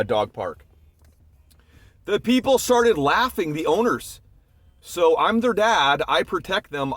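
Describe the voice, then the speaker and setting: A man's voice: mid-range voice, no room sound. A man in his forties telling rambling, chatty stories about his dogs in a casual vlog. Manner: rambling, chatty storytelling with many asides. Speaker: dog owner vlogger.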